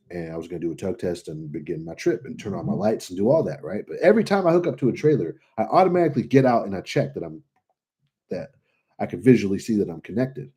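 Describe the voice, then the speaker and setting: A low, husky male voice belongs to a young trucker vlogger from California. He's responding to comments in a casual livestream, swearing constantly and speaking bluntly as he tells animated stories.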